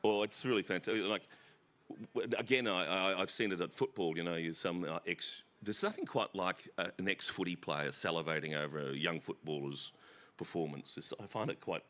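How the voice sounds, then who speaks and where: A man's voice: deep voice, brisk, fairly bright tone. An Australian author telling rambling, self-deprecating stories on a festival stage, often laughing at his own jokes. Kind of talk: rambling anecdotal stage conversation. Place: festival stage before an audience.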